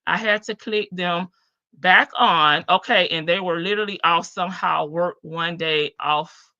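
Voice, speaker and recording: A woman's voice: on the low side, lo-fi sound. A woman with a Southern US accent, hosting a live stream and chatting casually as she reads viewer comments. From American South. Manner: chatty, animated, drawn-out Southern phrasing. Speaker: livestream host.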